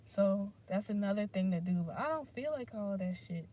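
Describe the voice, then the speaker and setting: Warm and expressive in a mid-range voice, this solo podcast host speaks at a normal speed. She wanders from topic to topic, cursing freely and filling gaps with fillers while thinking aloud.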